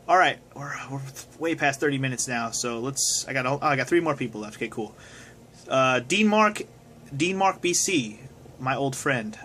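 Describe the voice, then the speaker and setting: A man's voice: medium pitch, sharp tone, a little hiss or hum. A young man casually answering viewer questions on his video, rambling and swearing now and then. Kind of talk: casual chat. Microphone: phone camera.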